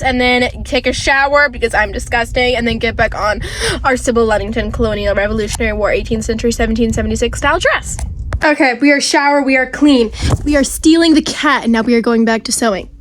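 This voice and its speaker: Bright, high-voiced young woman vlogger. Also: brisk, a little hiss or hum. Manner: upbeat, breezy explaining. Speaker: costume sewing vlogger. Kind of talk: on-camera tutorial talk.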